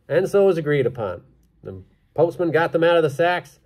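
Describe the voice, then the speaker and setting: A man telling a story live on stage, animated and playful with dramatic pauses. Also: on the high side.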